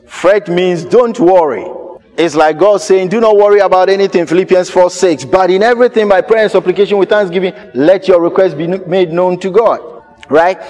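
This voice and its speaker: A pastor, preaching a sermon with emphatic repetition. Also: male voice, high-pitched, a little mellow, big-room sound. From Ghana. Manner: emphatic, repeats key phrases.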